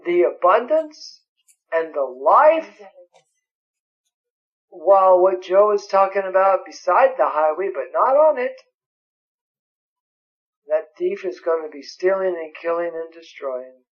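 A man's voice: high-pitched, sing-song, slow, pauses often. A man preaching a sermon, emphatic and quoting scripture at length. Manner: emphatic, quotes scripture in several languages. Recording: dull lo-fi recording.

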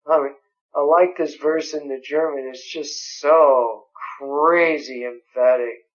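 A man's voice: a little high, steady tone, slow. A man preaching a sermon, emphatic and quoting scripture at length. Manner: emphatic, quotes scripture in several languages. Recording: dull lo-fi recording.

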